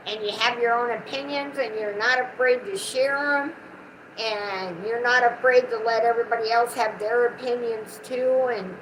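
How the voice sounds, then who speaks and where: A woman's voice: on the high side, background noise. A middle-aged woman with a Southern American twang, chatting affectionately on a casual livestream. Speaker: co-host of a livestream, the channel owner's mother.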